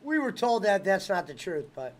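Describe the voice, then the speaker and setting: High-voiced guy, casual host, excitable, swears constantly, acts out scenes. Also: moderate pace, a crowd in the background. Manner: excitable, swears a lot, keeps acting out movie lines. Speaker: watch-along host. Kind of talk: casual profane chat.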